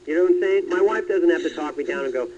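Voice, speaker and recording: A man's voice: a little high, fast, music in the background, lightly acted. An actor playing a testy male comedian on a phone call, rambling defensively and slipping into impressions. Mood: ranting. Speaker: celebrity guest in a quiz game.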